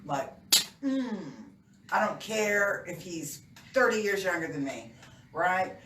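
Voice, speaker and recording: A woman's voice: lowish voice, lively intonation, slow pace, fairly bright tone. A middle-aged woman from Oklahoma co-hosting a casual chat, telling playful stories and laughing often. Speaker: co-host. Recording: roomy, distant mic, clear background noise.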